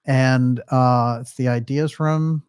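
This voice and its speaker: A man's voice: mid-range voice, steady tone, slow, darkish tone, clear, resonant tone, dry recording, clean studio sound. A man hosting a livestream, chatting casually and reading out viewer comments, with frequent fillers. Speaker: livestream host.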